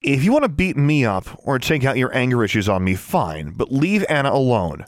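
A man's voice: sing-song, moderate pace, no echo, clean studio sound, lightly acted. A man voicing a stubborn young schoolgirl in an audiobook, speaking in a raised, challenging voice. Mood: defiant. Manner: pitched high, sharp and challenging.

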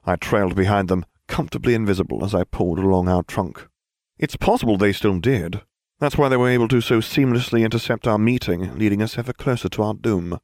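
A man reading a story aloud in a lively, animated way. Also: lowish voice, fairly quick, no room sound, studio quality. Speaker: narrator. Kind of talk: reading fan fiction aloud.

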